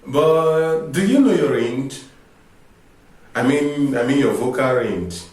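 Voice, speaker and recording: A man's voice: mid-range voice, animated, slow, darkish tone, slight background noise. Man teaching in a very echoey room. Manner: explanatory, poses rhetorical questions. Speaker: vocal coach. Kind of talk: informal teaching talk to camera. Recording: echoey room, distant mic.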